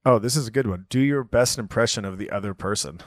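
A man's voice: lowish voice, quick pace, no room sound, studio quality. A man in his thirties co-hosting a podcast, chatting casually with lots of fillers and restarts. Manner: rambling, hesitant, many fillers and restarts. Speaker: podcast co-host. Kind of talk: casual chat.

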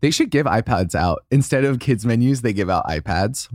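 A man's voice: medium pitch, lively intonation, moderate pace, darkish tone, dry recording, clean studio sound. A young man co-hosting a podcast in casual, campy comedic chat, slipping into playful put-on quotes. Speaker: podcast co-host.

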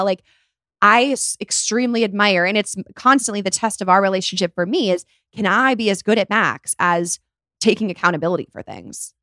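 A woman's voice: mid-range voice, lively intonation, a little fast, fairly bright tone, dry recording, studio quality. A young woman co-hosting a casual chat, talking freely with many "like" fillers. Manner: chatty, lots of "like" fillers. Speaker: podcast co-host.

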